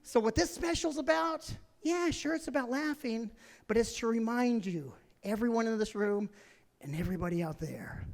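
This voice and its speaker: Animated high-voiced comedian on stage. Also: male voice, moderate pace. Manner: animated, swings between loud shouting and hushed whispers. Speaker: stand-up comedian. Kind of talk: stand-up storytelling. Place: large theater stage. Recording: reverberant theater sound.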